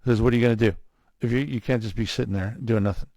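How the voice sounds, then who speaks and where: A man telling his own story in a casual interview, animated, acting out what others said to him. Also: on the low side, racing, no room sound. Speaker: guest, cardiac arrest survivor.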